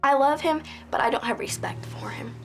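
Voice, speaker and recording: A woman's voice: high voice, very animated, normal speed, in a whisper, faint music behind. A woman telling her personal story in an interview, earnest and emotional, acting out past conversations. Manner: earnest, emotional, tells stories with quoted dialogue. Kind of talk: personal testimony.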